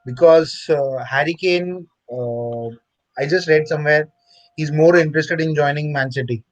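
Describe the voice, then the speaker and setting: A man's voice: a little high, dry recording, poor audio. A man speaking hesitantly in a casual football chat as co-host. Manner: hesitant, halting.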